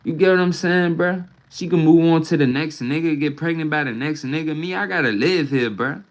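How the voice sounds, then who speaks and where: A man's voice: fairly high pitch, brisk, poor audio. A man venting on a casual livestream from home into a phone mic, rambling and profane, ending almost every phrase with "bruh".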